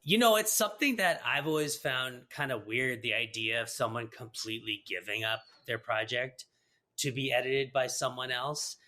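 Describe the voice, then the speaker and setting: A man hosts a casual podcast interview with a bright, forward tone. He rambles loosely through his thoughts, leaning on lots of fillers as he goes. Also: medium pitch, normal speed. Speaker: podcast host.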